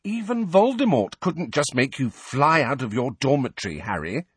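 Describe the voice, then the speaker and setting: Hermione, brisk know-it-all girl, read by a man. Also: mid-range voice, big pitch swings, slightly rough, no room sound, voice pushed up. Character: brisk bossy teenage schoolgirl.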